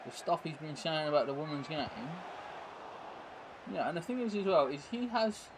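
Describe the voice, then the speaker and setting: A man's voice: a little high, expressive, moderate pace, background noise. Chatty man streaming a game. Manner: rambling, chatty, full of tag questions. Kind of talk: casual chat while live-streaming a football video game.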